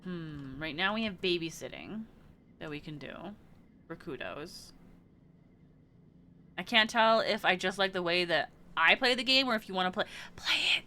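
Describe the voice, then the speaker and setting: A woman's voice: on the low side, expressive, moderate pace, long pauses, sharp tone, a little hiss or hum. A woman streamer chatting casually while playing a video game, thinking aloud and trailing off into murmurs. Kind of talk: casual let's-play commentary.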